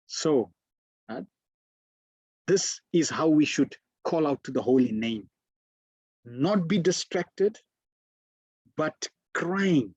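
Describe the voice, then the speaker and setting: Husky man telling a sermon story. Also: fairly high pitch, lively intonation, slow pace, pauses often, a little mellow, dry recording. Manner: conversational, many fillers. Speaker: spiritual teacher.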